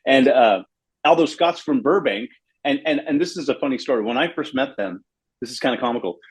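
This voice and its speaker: Middle-aged man from Los Angeles, husky voice, rambling anecdotes with lively acted quotes, casual interview guest. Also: medium pitch, a little fast. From Los Angeles, USA. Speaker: bass player, guest.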